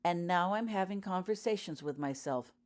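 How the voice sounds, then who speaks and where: A woman voicing a weak, reclusive man in an audiobook reading, with a gravelly croak and halting words. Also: on the low side, a little mellow, natural voice. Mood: dazed. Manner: halting, rarely speaks.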